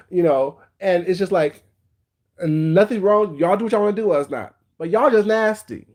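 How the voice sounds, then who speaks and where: Male livestream host with a slightly high voice, bluntly gossiping and shouting out viewers by name. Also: normal speed. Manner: blunt, gossipy, greets viewers mid-rant. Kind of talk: casual commentary livestream.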